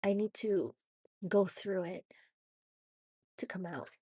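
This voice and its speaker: A woman with a raspy voice from a cold, talking haltingly in a personal confessional vlog with many restarts and "you know"s. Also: mid-range voice, mellow, no room sound, studio quality. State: hoarse from a cold. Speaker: vlogger.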